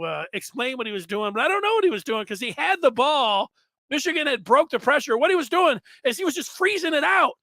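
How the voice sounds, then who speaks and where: High, gravelly, exasperated man breaking down a game. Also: sharp tone, no echo. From United States. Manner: exasperated, rambling analysis with rhetorical questions. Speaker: sports show host. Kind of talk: postgame call-in style sports talk.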